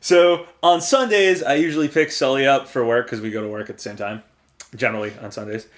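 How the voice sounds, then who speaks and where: A man's voice: mid-range voice, steady tone, fairly quick. A man co-hosting a gaming show, telling rambling stories with lots of laughs in casual banter. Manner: rambling storyteller, laughs often. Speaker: show co-host, gamer. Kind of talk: casual let's-play banter.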